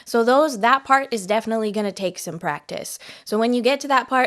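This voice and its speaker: A woman's voice: on the high side, brisk. A woman co-hosting a podcast, patiently teaching vocal riffs step by step and singing short demonstrations. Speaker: vocal coach and podcast co-host. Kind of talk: vocal riff lesson.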